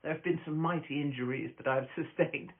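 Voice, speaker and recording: Streaming live from her phone, a stand-up comedian rambles profanely between stories, brash and quick to laugh. Her pitch is low and her delivery slightly fast, heard through tinny phone-camera sound.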